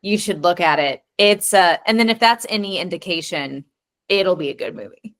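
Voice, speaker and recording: A woman's voice: fairly low pitch, normal speed, a bit bright. A woman co-hosting a podcast in casual chat, enthusiastically listing things one after another. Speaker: podcast co-host.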